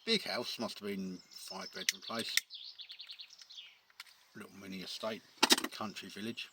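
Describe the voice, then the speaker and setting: Man, painter, rambling casual storytelling, low-pitched voice, loud outdoor noise and birdsong behind. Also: fairly even intonation, measured pace. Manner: chatty, rambling, wry asides with many ums. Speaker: painter and decorator.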